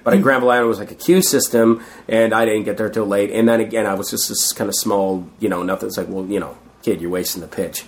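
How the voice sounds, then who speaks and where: Man, middle-aged, casual interview guest, rambling, mimics other voices, lowish voice. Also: steady tone, fast, hardly any pauses. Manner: rambling, acts out quoted voices. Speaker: guest, street performer.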